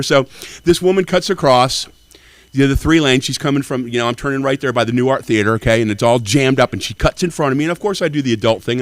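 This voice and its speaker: A man's voice: medium pitch, no room sound. Brash man over sixty. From Nashville, Tennessee. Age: 60s. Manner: brash, profane storytelling. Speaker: open-mic comedian. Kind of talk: stand-up comedy.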